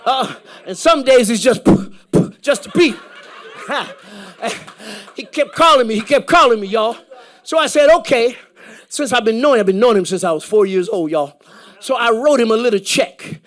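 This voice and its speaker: A man preaching a sermon in church, telling a story with laughter and acted-out dialogue before building to loud praise. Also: extremely high pitch, lively intonation, moderate pace.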